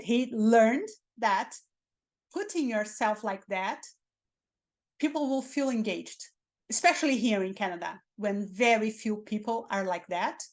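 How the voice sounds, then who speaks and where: Animated woman with a Spanish accent, coaching. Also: fairly high pitch. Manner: animated, demonstrates dull and excited delivery. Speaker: career mentor. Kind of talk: interview coaching talk.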